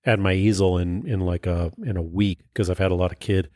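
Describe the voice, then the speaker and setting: A man's voice: low-pitched, steady tone, brisk, dark tone, no room sound, clean studio sound. A middle-aged man with a slight Southern American accent, a painter hosting a podcast, bantering in an easygoing way and laughing often. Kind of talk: casual chat.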